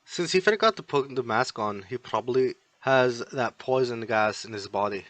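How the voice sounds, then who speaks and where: A male talking sword who explains in a blunt, matter-of-fact way, as a male reader puts it on. The voice sits mid-pitched. The sound is dry and close. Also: animated, normal speed, fairly bright tone, dry recording, natural voice. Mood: explaining.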